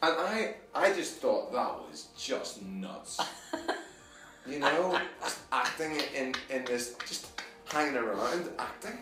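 A man telling a funny anecdote, animated and laughing, acting out the voices of the people in it. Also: medium pitch, takes it slowly, loud music behind the voice. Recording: roomy, echoey room.

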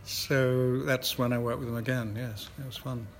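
An older actor from Scotland is interviewed informally, recounting stories and chuckling self-deprecatingly. His mid-range voice moves little in pitch and keeps a normal speed. Background noise is noticeable throughout.

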